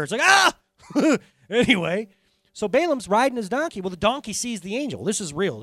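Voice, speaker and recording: Animated preaching man, lively pitch. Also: dry recording. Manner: animated storytelling, swinging from quiet intensity to loud laughing bursts. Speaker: pastor. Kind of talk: sermon.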